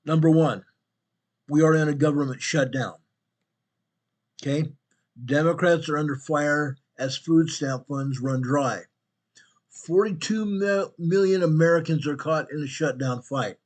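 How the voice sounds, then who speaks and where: A hoarse man hosting a casual talk show in a fairly high voice, his throat sore and his voice wearing thin. He talks bluntly and with strong opinions, speaking straight to his listeners. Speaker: host.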